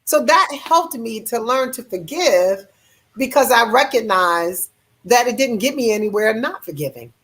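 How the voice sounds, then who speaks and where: A woman with a high voice hosts a relationship podcast. She talks expressively and laughs often as she tells her stories. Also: animated, measured pace, fairly bright tone. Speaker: podcast host. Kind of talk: conversational chat.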